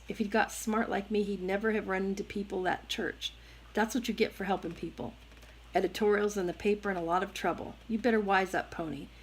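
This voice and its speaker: A woman voicing a tough, reckless teenage boy in a gang in a storybook reading, talking hard, gruff and impatient. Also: mid-range voice, natural voice, rough recording.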